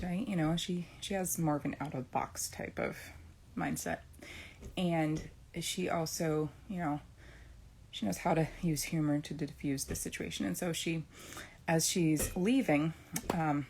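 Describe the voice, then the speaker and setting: Chatty mom with a gravelly, husky voice. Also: female voice, low-pitched, darkish tone. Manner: chatty, rambling with frequent restarts and "right?" checks. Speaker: homeschooling mom sharing a faith reflection. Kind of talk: casual personal talk.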